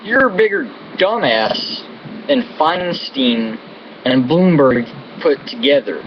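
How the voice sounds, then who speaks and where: An American vlogger rants angrily about politics to camera, profane and full of contempt and insults. His mid-range voice swings widely in pitch and he takes it slowly. The audio is dull and lo-fi, with air-conditioning hum.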